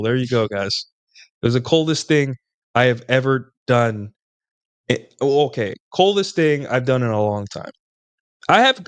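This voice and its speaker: A man's voice: medium pitch, smooth, dry recording. A man hosting his own stream, telling long, boastful dating stories in a casual ramble and often checking in with his listeners. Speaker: streamer hosting a solo talk show. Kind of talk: casual storytelling monologue about dating.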